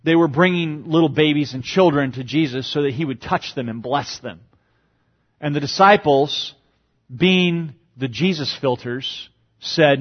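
A man's voice: lively intonation, measured pace, breathy edge, lo-fi sound. A man preaching a sermon as pastor, explaining a passage verse by verse and acting out quoted cries with sudden rises in voice. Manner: dynamic, acts out quoted lines with big pitch jumps.

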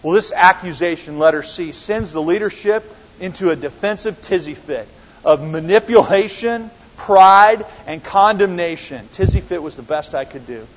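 A man with a fairly high, husky voice teaches scripture in a casual, chatty way, asking his listeners question after question. His voice rings through a large church hall with a long reverb. The recording is dull and lo-fi. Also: moderate pace. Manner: conversational, fond of rhetorical questions. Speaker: preacher teaching a Bible study. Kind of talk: sermon-style Bible teaching.

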